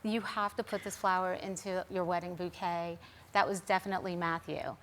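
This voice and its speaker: A woman's voice: fairly low pitch, steady tone, a little fast, fairly bright tone, slight background noise. Earnest woman telling a personal story. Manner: earnest, recounting events with quoted dialogue. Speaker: guest sharing a personal story. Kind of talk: storytelling on a TV talk show.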